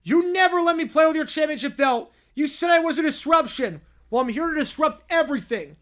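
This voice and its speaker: Man doing a shouty, growling toddler teddy-bear heel, pitched up high. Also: fairly even intonation, measured pace, creaky, heavily acted. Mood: shrieking. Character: furious toddler teddy bear turned villain.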